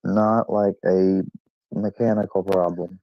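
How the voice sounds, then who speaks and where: Young man, deep gravelly voice, crude rambling storyteller, dull dry lo-fi recording. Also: steady tone, takes it slowly, no room sound. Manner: rambling, crude, self-mocking, lots of fillers. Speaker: vlogger. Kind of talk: casual storytelling.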